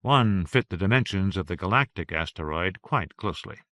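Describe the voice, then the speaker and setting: Brief: male audiobook reader, low and crisp, dry close sound. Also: normal speed, dry recording. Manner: steady, even reading. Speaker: audiobook narrator. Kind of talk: audiobook narration.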